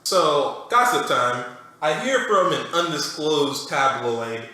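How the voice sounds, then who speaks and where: A man's voice: fairly high pitch, big pitch swings, slow pace, sharp tone. A young man hosting a comedic interview with playful, hammy show-host banter. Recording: echoey room with faint noise.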